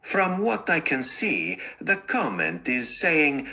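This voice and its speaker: A synthetic male voice with an Australian accent delivers folksy, needling livestream banter. His tone is very bright and gravelly. He speaks slowly with a lively, swooping pitch. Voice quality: synthetic text-to-speech voice. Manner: folksy, needling, lectures with slang. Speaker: AI chatbot co-host.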